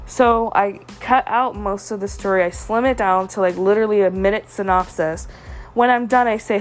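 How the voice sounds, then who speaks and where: A woman's voice: mid-range voice, fairly even intonation, moderate pace, soft background music. A young woman in her twenties telling a personal story on her podcast, upset and venting, with lots of fillers. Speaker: podcast host.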